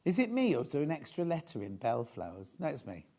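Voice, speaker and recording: A man's voice: on the high side, wildly swooping pitch, quick pace, warm tone, slightly rough. A man presenting fabrics on a live shopping channel in a TV studio, chatty and rambling, with gossipy asides. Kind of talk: live TV selling chat.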